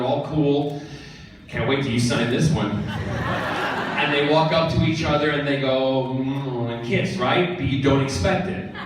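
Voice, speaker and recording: A man on stage at a fan convention panel, teasing the audience and telling a lively anecdote. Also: medium pitch, background noise. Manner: playful, teasing, theatrical. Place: large convention hall. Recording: echoey hall taped from far off. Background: audience crowd.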